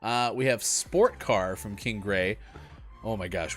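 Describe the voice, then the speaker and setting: Low-voiced joking male show host. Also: slow, faint music behind. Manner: joking, lively, reads chat aloud. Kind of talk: casual live-stream banter.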